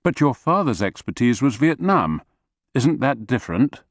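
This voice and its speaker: A man's voice: medium pitch, sing-song, moderate pace, no room sound, studio quality, pitched above the performer's own voice. A man doing an earnest, probing policeman. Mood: inquiring.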